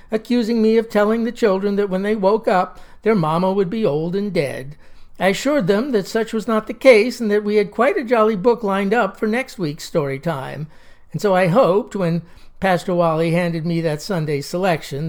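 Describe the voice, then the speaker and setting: A woman's voice: mid-range voice, darkish tone. A woman telling a comic story in a wry, folksy, drawling manner. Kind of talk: comic monologue.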